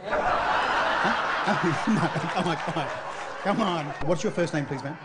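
A man's voice: on the high side, slow. A man performing a comedy magic act, teasing and joking with the audience and laughing at his own gags. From Australia. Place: corporate event venue. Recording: live show with loud crowd and noise. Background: loud audience laughter and chatter.

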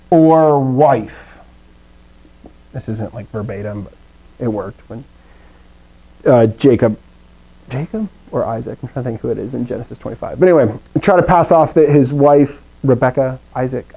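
A man teaching a Greek class to students in a classroom, animated, with pitch swings and playful asides. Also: rough recording. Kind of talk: live classroom lecture.

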